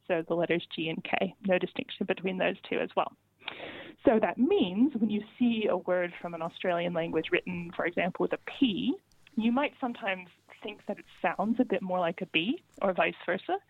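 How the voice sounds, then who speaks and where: A woman's voice: fairly low pitch, no room sound. A woman answering interview questions as a linguistics guest, patient and methodical, walking through examples step by step. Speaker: linguist guest explaining pronunciation. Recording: tinny phone line, dry.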